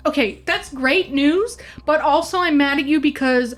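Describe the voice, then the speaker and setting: A woman player role-playing in a tabletop game, excitable and quick to swear. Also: high voice, soft background music. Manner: excitable, swears often, laughs a lot. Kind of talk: in-character tabletop role-play.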